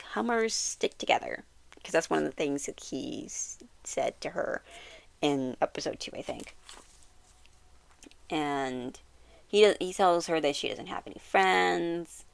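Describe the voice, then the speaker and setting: A woman giving a casual, rambling recap of a TV series, full of "like" fillers and quick self-corrections. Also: low voice, vocal fry. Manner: quotes characters with animated bursts and laughs. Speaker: YouTuber reviewing a TV series. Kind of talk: casual episode recap and commentary.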